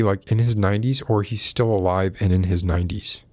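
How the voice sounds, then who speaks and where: A man's voice: fairly low pitch, steady tone, a little fast, darkish tone, no echo. A man hosting a casual livestream, reading philosophy aloud and breaking off to ramble and greet viewers in the chat.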